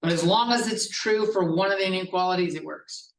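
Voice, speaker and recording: This brisk, high-sitting male voice belongs to a math professor giving a classroom lecture. He breaks concepts down step by step, keeping it casual and swearing now and then, and the recording comes from a distance in an echoey room.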